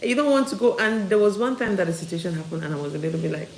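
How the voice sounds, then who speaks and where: A woman's voice: medium pitch, animated, rapid-fire. A woman giving a live-streamed motivational talk from home, upbeat and repeating key phrases for emphasis. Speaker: motivational speaker. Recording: roomy echo, faint background noise.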